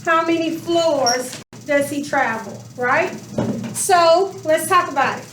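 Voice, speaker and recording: High-voiced teacher in an echoey classroom. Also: female voice, a bit bright, far from the mic, slight background noise. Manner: questioning, drawn-out emphasis. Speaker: math teacher. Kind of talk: classroom lesson. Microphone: camera across the room.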